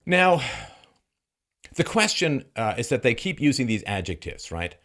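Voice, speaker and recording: A man's voice: mid-range voice, big pitch swings, measured pace, pauses often, fairly bright tone. A man giving solo political commentary in a sarcastic, mocking way, laughing often and putting on voices for the people he quotes.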